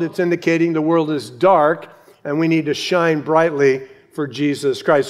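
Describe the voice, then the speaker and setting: In a church sanctuary filled with a congregation, a pastor preaches a sermon, earnest and emphatic, repeating key phrases for weight. His voice sits a little high, and the sound carries a big-room quality.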